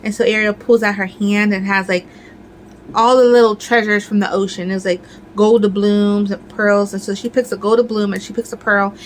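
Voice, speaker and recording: A woman's voice: medium pitch, steady tone, normal speed, a little hiss or hum, poor audio. A woman crafting vlogger in casual chat, ranting with lots of fillers.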